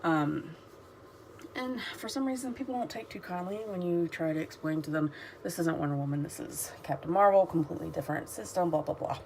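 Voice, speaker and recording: Rambling middle-aged woman, lowish voice. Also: fairly quick, gravelly, darkish tone, a little hiss or hum. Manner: rambling, digressive, many ums; emotional and enthusiastic. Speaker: vlogger. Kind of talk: casual chatty review during a skincare routine.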